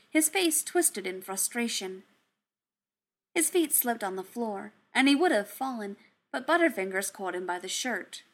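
A woman reading fan fiction aloud in a soft, unhurried storytelling manner. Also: medium pitch. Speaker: narrator.

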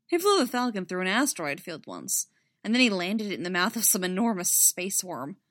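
A woman reading a story aloud and voicing an older rebel leader and mother who speaks softly and reflectively. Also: mid-range voice, big pitch swings, fairly quick, no room sound, clean studio sound. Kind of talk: audiobook reading.

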